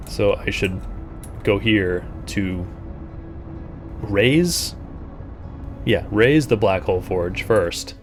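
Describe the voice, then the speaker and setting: Low-voiced man streaming a game. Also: very slow, long pauses, faint music behind. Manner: thinks aloud, jumps to startled high exclamations. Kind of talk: live gameplay commentary.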